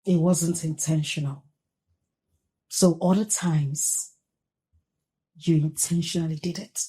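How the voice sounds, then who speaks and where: A woman's voice: sits low, fairly even intonation, slow pace, mellow, slightly rough, full character voice. An actress with a Nigerian accent playing a young wife who is exasperated with her neglectful husband and repeats herself when angry. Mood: bitter. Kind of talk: Nigerian film drama acting.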